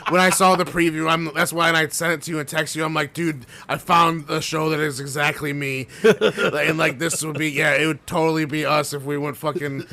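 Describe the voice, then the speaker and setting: A man's voice: on the high side, flat delivery, brisk, gravelly, pushed and bright. A man co-hosting a podcast, rambling through a story, swearing often and laughing as he goes. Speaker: podcast co-host. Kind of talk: casual profane chat.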